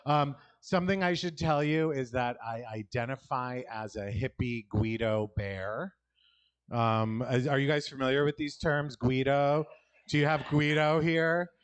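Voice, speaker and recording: A man's voice: mid-range voice, measured pace, clean tone. A man with a New York accent performing a loose, rambling stand-up set with self-deprecating asides, recorded at an outdoor alley show. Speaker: stand-up comic.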